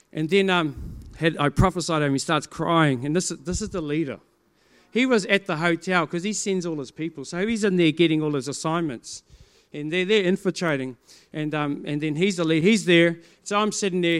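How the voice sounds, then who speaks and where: A middle-aged man from New Zealand with a New Zealand accent, a pastor telling a testimony to his congregation in a lively way, acting out the dialogue and breaking into loud exclamations. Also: a little high, moderate pace, smooth.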